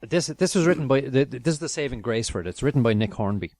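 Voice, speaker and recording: A man's voice: mid-range voice, animated, quick pace, a little mellow, no room sound. A man hosting a casual review chat, chatty, laughing often and trailing off with fillers. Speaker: podcast host.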